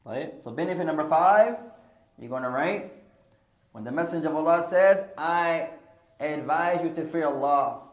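A man's voice: fairly high pitch, roomy sound. A man teaching an Islamic studies class, switching between English and Arabic and joking with his students. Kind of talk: classroom lesson with humorous asides. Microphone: podcast recording of a class.

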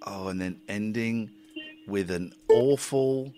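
A man's voice: lowish voice, slow pace, loud music behind the voice. A man hosting a casual radio show, rambling and self-mocking as he reads tweets and runs through the schedule. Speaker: radio host.

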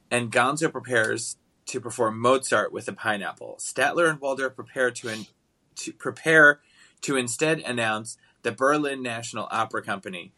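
A man co-hosting a casual podcast, talking in a rambling, animated way. His voice has a bright, forward tone. He often breaks into laughter as he recaps. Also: medium pitch. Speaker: podcast co-host. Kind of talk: casual chat recapping a TV episode.

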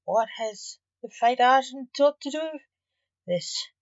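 A woman's voice: high voice, lively intonation, unhurried, no room sound, voice pushed up. A woman voicing an amused, matter-of-fact male Grim Reaper in a storybook reading. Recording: dull, dry recording.

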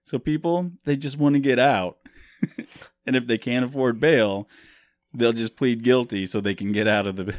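A man's voice: medium pitch, moderate pace, no echo. A young man co-hosting a podcast in casual chat, rambling and laughing often. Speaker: podcast co-host.

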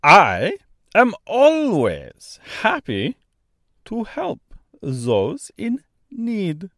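Giant male stork, thick Austrian-French accent, grand and pompous, high and swooping, slow and drawn out. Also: huge pitch swings, a bit bright, no echo, studio quality, full character voice. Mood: eager. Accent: mixed Austrian and French. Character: huge kind-hearted male stork, pompous.

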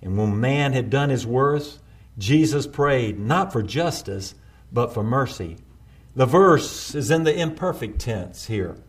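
A male preacher delivering a sermon, building intensity through repeated refrains and slowing down for quoted prayers. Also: medium pitch, expressive.

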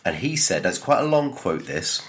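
A young man co-hosting a podcast in casual chat, telling a story with animated, mocking energy. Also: low voice, normal speed. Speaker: podcast co-host.

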